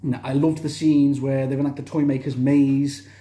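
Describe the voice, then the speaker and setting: A man's voice: mid-range voice, flat delivery, normal speed, dark tone, reverberant. A young man casually reviewing a TV series, enthusiastic and rambling, with frequent restarts. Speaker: TV review vlogger.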